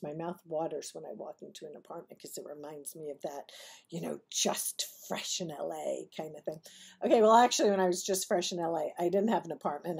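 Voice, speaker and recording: A chatty woman vlogger tells a rambling personal story straight to her viewers, wandering off on tangents and laughing at her own punchlines. Her voice has a gravelly fry and a husky, breathy edge, sitting at an ordinary pitch for a woman. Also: a little mellow. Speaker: vlogger telling personal stories. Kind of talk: casual storytelling to camera.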